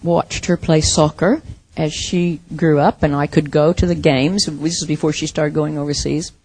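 A middle-aged woman preaching a sermon, expressive, with soft dramatic pauses. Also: deep voice, no echo.

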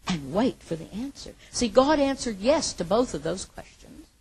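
A woman preaching a sermon with passion, her voice moving between hushed and loud. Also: medium pitch, sing-song, moderate pace, breathy edge, low-quality recording.

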